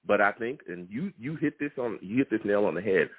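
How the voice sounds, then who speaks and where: A man hosts a live sports call-in show. His pitch swings widely and his voice is husky. The sound is tinny, like a phone line. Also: a little fast. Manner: animated, laughs often. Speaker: podcast host taking callers.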